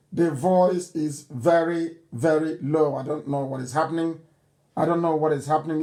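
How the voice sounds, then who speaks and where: A man giving a live radio address and taking calls, forceful and repeating himself as he pleads with listeners. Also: sits high.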